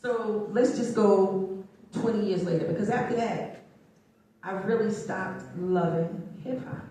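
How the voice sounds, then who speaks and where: A middle-aged woman giving an interview, telling stories in an animated way and laughing often. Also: mid-range voice, a little hiss or hum. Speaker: interview guest. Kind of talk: conversational storytelling. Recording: echoey room, mic at a distance.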